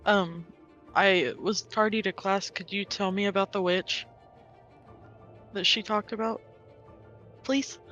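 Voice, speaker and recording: A woman's voice: medium pitch, fairly even intonation, slow pace, long pauses, a bit bright, highs cut off, faint music behind. A woman playing a tardy young witch student in a tabletop game who asks questions timidly and politely. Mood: timid politeness. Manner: hesitant, polite.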